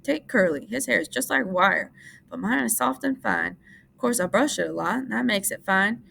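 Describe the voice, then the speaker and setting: A woman's voice: mid-range voice, lively intonation, normal speed, creaky, a little hiss or hum, pitched above the performer's own voice, heavily acted. A woman reading aloud and voicing a vain, restless young ranch wife who talks in a chatty, coaxing way. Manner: chatty, coaxing, then sharp.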